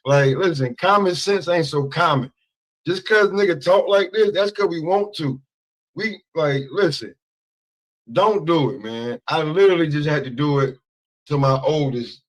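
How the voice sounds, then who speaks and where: A man's voice: on the high side, normal speed. A man chatting casually as a co-host, laid-back and profane in his banter. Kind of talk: casual chat.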